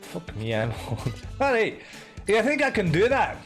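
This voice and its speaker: A man chatting through a game in a jokey put-on Scottish accent, swearing freely. His voice sits a little high for a man, with faint game music playing behind him. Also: huge pitch swings, normal speed. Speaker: streamer. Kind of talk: casual gameplay commentary.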